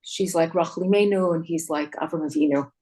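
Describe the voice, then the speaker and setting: A woman host in casual chat with her guest, responding warmly and thinking out loud. Her voice sits a little low for a woman. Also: fairly quick.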